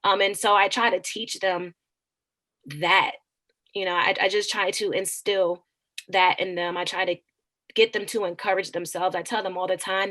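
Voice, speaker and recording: A woman teacher and author talking earnestly in an interview, animated and preachy, often restarting her words. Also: medium pitch, normal speed. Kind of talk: conversational interview.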